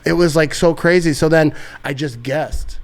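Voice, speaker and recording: A man's voice: fairly high pitch, moderate pace. A young man telling stories as a podcast guest, casual and rambling, full of fillers and frequent laughs. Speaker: podcast guest, sports content creator. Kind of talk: casual storytelling.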